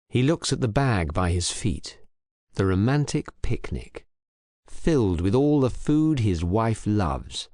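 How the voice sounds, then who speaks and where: A man reading a crime story aloud in clear, measured narration for English learners. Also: fairly low pitch, a little mellow, no echo, studio quality. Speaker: audiobook reader.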